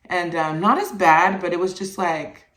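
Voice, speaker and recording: A woman's voice: fairly low pitch, normal speed, a bit bright. A young adult woman hosting a solo podcast, talking candidly and loosely, full of "like" fillers and casual swearing. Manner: candid, rambling, heavy on "like" fillers, swears freely. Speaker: podcast host, mother. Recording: roomy, voice distant from the mic.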